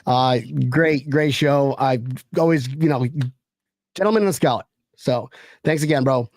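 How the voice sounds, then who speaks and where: A man's voice: medium pitch, a little slow, darkish tone, dry recording. A man hosting a podcast, signing off in a loose, joking, slangy way. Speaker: podcast host. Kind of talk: casual show sign-off.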